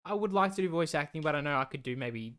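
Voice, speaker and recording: A man's voice: fairly high pitch, animated, quick pace, a bit bright, clean tone. A man, co-hosting a podcast in casual, laid-back chat, swearing freely. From Australia. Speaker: podcast co-host.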